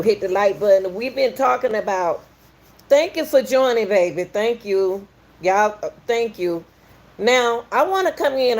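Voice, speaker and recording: With a mid-range, slightly mellow voice, this middle-aged Southern woman from Atlanta, USA, greets viewers on her podcast's live stream. Her talk is folksy and repetitive.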